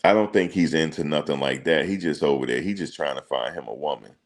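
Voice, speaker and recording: A fast-talking reaction streamer with a very deep, gravelly voice chats casually while reading viewer comments. His banter is relaxed and slangy, and he thinks aloud with plenty of ums.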